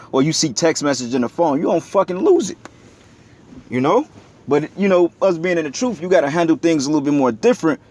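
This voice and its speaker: A man's voice: a little high, a little mellow. Blunt, profane man preaching. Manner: profane, blunt street talk, gets heated. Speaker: religious video commentator. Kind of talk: preaching commentary.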